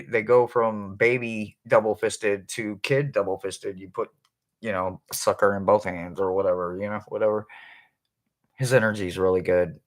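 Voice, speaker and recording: Rambling, laughing psychic reader. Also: low-pitched. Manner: rambling and chatty, laughs often, informal slang. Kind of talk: casual live reading for viewers.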